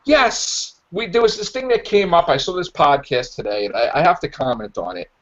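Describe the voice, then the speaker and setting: A man hosting a podcast in casual chat, rambling and acting out characters' lines in animated voices. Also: a little high, brisk. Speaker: podcast host. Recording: dull lo-fi podcast audio.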